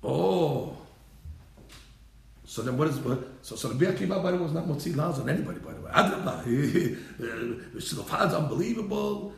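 A man teaching a Torah class in an animated way, mixing Hebrew terms into English and repeating his phrases. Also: fairly high pitch, a little fast, gravelly, reverberant.

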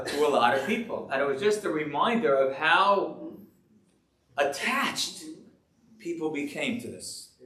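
A man preaches as a rabbi with a high, lively voice. He talks to his audience in a joking, rhetorical way. The sound is roomy and echoey. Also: far from the mic. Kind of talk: sermon to a live audience. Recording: echoey room.

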